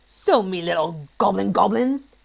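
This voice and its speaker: A man's voice: high voice, animated, measured pace, vocal fry, exaggerated voice, low-quality recording. A woman voicing a nasty, grumpy old man villain from a children's storybook, who talks in a boastful, bossy, ungrammatical way. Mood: gloating.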